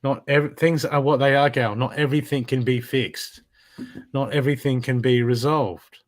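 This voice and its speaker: A man's voice: medium pitch, steady tone, normal speed. A man giving a live spiritual card reading, talking in an emphatic, repetitive coaching way. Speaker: intuitive card reader.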